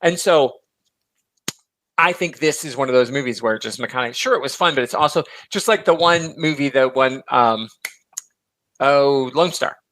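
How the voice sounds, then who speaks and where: A man's voice: mid-range voice, no echo. A man hosting a podcast, chatting casually and animatedly about films. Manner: animated, chatty, quick asides. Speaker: podcast host. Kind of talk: casual film discussion.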